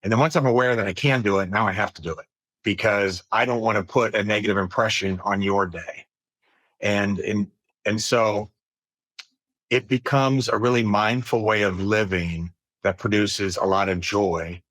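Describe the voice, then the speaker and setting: A man speaks as a podcast guest in an earnest, measured voice, slightly low in pitch. He thinks aloud with an occasional filler. The recording is close and dry. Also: a bit bright, no room sound. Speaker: podcast guest, business executive. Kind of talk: reflective conversational interview.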